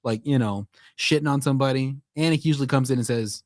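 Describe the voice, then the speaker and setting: Guy cohosting a podcast, lively and cussy, dry close mic. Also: mid-range voice, brisk, no room sound. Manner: animated, swearing, does mock voices when quoting. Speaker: podcast co-host. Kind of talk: casual chat.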